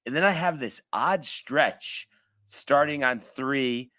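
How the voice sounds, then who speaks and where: A man's voice: mid-range voice, takes it slowly, bright, forceful tone. A man co-hosting a casual sports show, telling a long story in a rambling way with lots of fillers. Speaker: podcast co-host.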